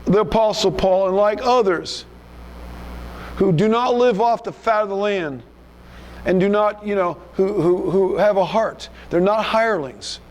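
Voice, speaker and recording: A man's voice: high-pitched, unhurried, a little mellow, slight background noise. A male pastor preaching a sermon in an emphatic, rebuking manner, often repeating himself.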